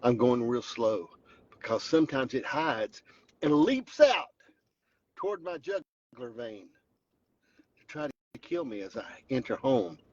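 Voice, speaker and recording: A husky-voiced man with a Southern Appalachian accent talks into a phone from his truck. He spins a joking, mock-dramatic tale. The sound is slightly dull and lo-fi. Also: mid-range voice, expressive, unhurried, no room sound. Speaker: vlogger host. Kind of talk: joking storytelling vlog. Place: in a truck driving home.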